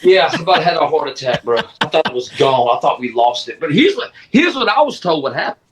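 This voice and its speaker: A man co-hosting a podcast in casual chat, telling animated stories and acting out quoted dialogue, sometimes shouting it. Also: fairly high pitch, a little fast, background noise. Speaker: podcast co-host.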